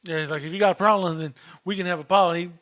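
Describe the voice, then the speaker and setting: A man's voice: sits high, steady tone, fairly bright tone, dry recording, clean studio sound. A man co-hosting a podcast, agreeing with his co-host and retelling film scenes in casual talk. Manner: short agreeing replies and quick retellings of scenes. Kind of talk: casual movie recap chat.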